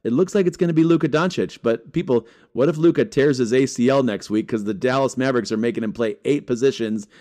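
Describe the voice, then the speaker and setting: A man vlogging about collecting sports cards, talking casually to his viewers in an energetic, joking way. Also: medium pitch, quick pace, few pauses. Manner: energetic, joking, rattles off names. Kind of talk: casual talk to camera.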